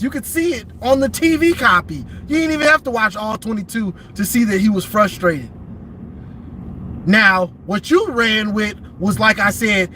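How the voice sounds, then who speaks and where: A man's voice: high voice, bright, forceful tone, a little hiss or hum. A man ranting casually about football on a livestream from inside his car, emphatic and repeating himself. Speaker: sports commentator vlogger.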